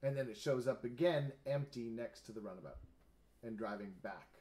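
A man narrating a tabletop role-playing game as game master, relaxed and easygoing. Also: mid-range voice, normal speed.

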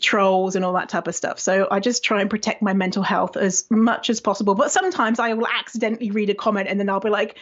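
A woman's voice: mid-range voice, fairly even intonation, quick pace, few pauses, muffled recording. A woman being interviewed, talking frankly and animatedly and swearing freely. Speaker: guest. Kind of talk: casual interview chat.

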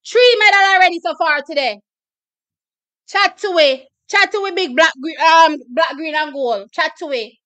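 Very high, bright-voiced Jamaican woman. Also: moderate pace, no room sound. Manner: excitable, bursts into shouts and laughter, slips into patois. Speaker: watch-party livestream host. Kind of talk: live watch-party reaction commentary.

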